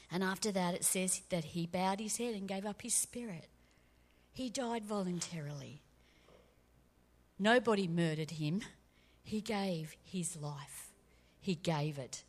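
Woman preaching with dramatic emphasis. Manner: dramatic, acts out quotes with shifting pitch and volume. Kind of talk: sermon.

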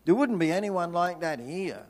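A man preaching a sermon, telling a personal story with energy, then dropping into hushed, slow prayer. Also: sits high, expressive. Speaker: pastor.

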